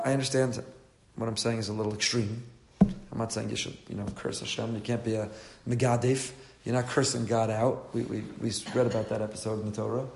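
A man's voice: mid-range voice, a little mellow, roomy sound. An older man giving an earnest sermon as a rabbi. He mixes in Hebrew and Yiddish terms and builds to impassioned pleading.

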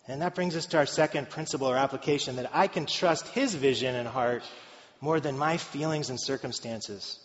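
Guy preaching a sermon, chatty and jokey, kinda high voice, echoey hall, muffled sound. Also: animated, brisk, a bit bright. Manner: conversational, joking asides to the congregation.

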